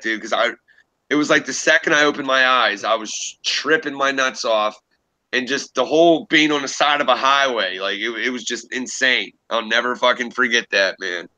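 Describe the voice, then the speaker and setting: A young man hosting a livestream, telling a long story in a casual, profane, animated way. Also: mid-range voice, no echo, poor audio. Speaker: livestream host.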